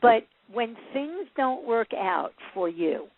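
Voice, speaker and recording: A woman guest giving emphatic, animated advice on a podcast. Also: a little high, slow pace, no room sound. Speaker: guest, parenting and beliefs coach. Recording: tinny phone-like line, dry.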